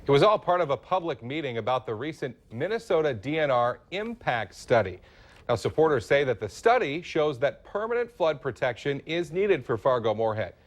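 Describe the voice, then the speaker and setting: A man's voice: medium pitch, very animated, normal speed. A man anchoring a morning newscast in a TV studio, reading local stories with a lightly joking manner. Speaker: news anchor. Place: TV news studio.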